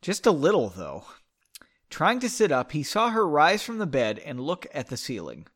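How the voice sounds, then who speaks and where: A man's voice: fairly high pitch, sing-song, normal speed, fairly bright tone. A man casually reading a story aloud, breaking off to joke, swear and find his place. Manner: joking asides, swearing, loses his place. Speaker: amateur reader.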